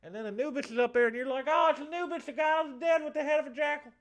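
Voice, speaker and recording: A man's voice: extremely high pitch, racing, a bit bright, voice pushed up. A man voicing an effeminate southern man's ghost with a lisp and a Southern US accent, rambling crudely through a story.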